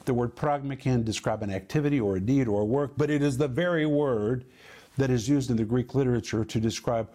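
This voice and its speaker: A man teaching from scripture in a sermon, emphatic, repeating key words and slowing down to stress them. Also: medium pitch, darkish tone. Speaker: Bible teacher.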